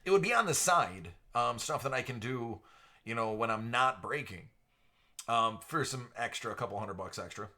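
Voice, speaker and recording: A man chatting casually on a live stream, projecting into a studio microphone in a radio-ready way. His voice is bright and forward, and his pitch sits in an everyday middle range. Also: expressive, normal speed. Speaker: live stream card breaker host. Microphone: entry-level studio microphone.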